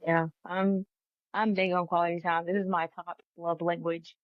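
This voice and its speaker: A woman co-hosting a podcast, telling stories in a lively way and acting out the lines of people in them. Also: on the low side, moderate pace, dry recording, lo-fi sound. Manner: animated storyteller, acts out quoted dialogue. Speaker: podcast co-host. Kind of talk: casual podcast conversation.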